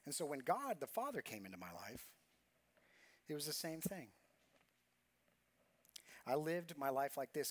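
A man's voice: fairly high pitch, very animated, measured pace, long pauses. A man preaching a sermon as pastor, earnest and confessional, telling a personal story with repeated phrases.

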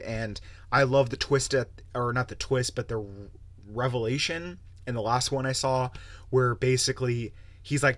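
Young male podcast host, salty animated rant, mid-pitched voice, dry close sound. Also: no echo. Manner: profane, animated, rambling. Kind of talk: casual solo podcast rant.

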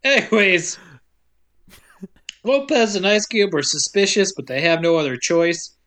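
A woman's voice: mid-range voice, measured pace, fairly bright tone. A woman hosting a podcast, retelling a movie plot with sarcastic asides and frequent laughter. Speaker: podcast host. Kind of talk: casual movie recap narration.

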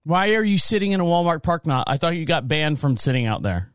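Podcast host, male, high voice, dry close studio sound, animated storyteller who laughs a lot. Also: quick pace, no room sound. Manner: animated storytelling, laughs often, acts out quotes. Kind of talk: casual chat. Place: home studio.

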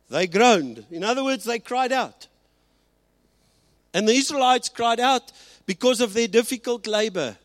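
A man preaching a sermon, moving between Afrikaans and English and slowing down to stress key lines. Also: sits high, no room sound, studio quality. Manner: switches between Afrikaans and English, slows and rises for emphasis. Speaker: pastor.

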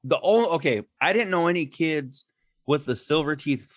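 A man's voice: on the high side, expressive, moderate pace, dry recording, clean studio sound. A man co-hosting a podcast in casual chat, rambling and swearing freely, laughing often. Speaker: podcast co-host.

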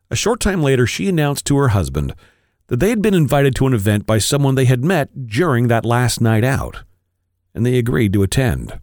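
A man, a podcast co-host, reading an erotic story aloud with expressive, varied delivery. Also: medium pitch, moderate pace, no echo, clean studio sound.

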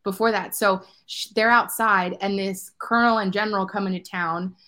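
A woman co-hosting a book podcast, chatting excitedly about the plot and reading passages aloud with expression. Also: mid-range voice, moderate pace.

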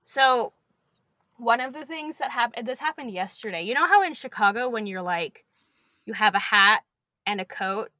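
A woman's voice: a little high, animated, normal speed, sharp tone, no room sound. A young woman and preschool teacher chatting as a podcast guest, telling stories animatedly and swearing casually.

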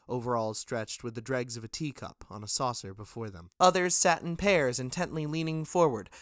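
A man reading a literary first-person story aloud in a measured way. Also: medium pitch, no echo, studio quality. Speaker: narrator.

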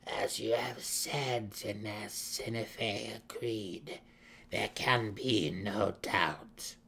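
An ancient, withered dark elf matriarch in a fantasy story reading, given voice by a man. She speaks very slowly, half-hushed and husky, with unhurried command. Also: on the low side, full character voice. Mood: cold authority.

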